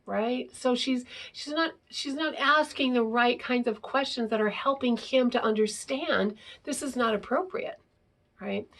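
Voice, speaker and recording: A woman's voice: a little high, measured pace, fairly bright tone. A woman explaining parenting ideas in a casual, conversational talk, often ending her points with "right?". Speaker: parenting educator.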